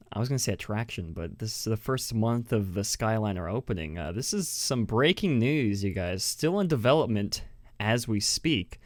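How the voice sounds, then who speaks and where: A man from New Mexico hosts a casual podcast in a lowish voice, recorded dry with clean studio sound. He's chatty, laughs often, and keeps restarting his sentences.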